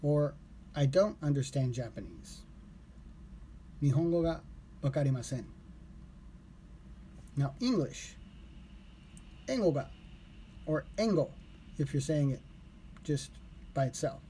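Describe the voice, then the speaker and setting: Man, casual live streamer, loose rambling delivery with self-corrections; mellow tone, faint background noise. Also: fairly high pitch, slow, long pauses. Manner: relaxed, rambling, corrects himself aloud. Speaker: live streamer learning Japanese.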